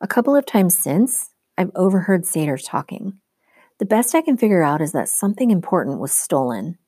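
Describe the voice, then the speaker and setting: An earnest teen demigod girl, urgent and frustrated, voiced by a woman reading aloud. Her tone is low-set and mellow, with a dry, close sound. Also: sing-song, normal speed, slightly rough, no room sound.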